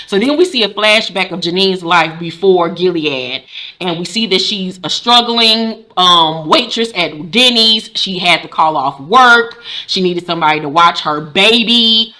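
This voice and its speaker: A woman in her forties recapping a TV episode casually, animated and profane, acting out the characters' lines. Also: lowish voice, a little slow. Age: 40s. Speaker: recap host.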